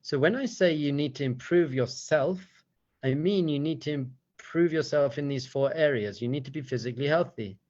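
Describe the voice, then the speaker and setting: A rabbi delivers an animated teaching talk and tells stories at a brisk clip. His voice sits somewhat high for a man, and the recording is dull and lo-fi. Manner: animated, rapid storyteller.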